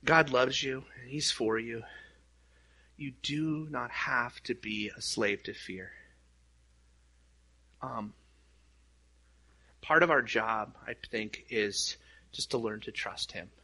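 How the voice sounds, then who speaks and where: A man's voice: mid-range voice, takes it slowly, long pauses, pushed and bright. A man preaching a sermon as pastor, casual and conversational, telling stories with many restarts and fillers.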